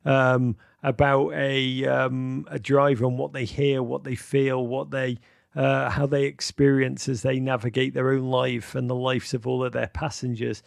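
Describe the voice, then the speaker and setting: A middle-aged man hosting a live call-in show, rambling and repeating words as he speaks warmly and emotionally to callers. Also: mid-range voice, gravelly, no echo, studio quality. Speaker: podcast host taking callers.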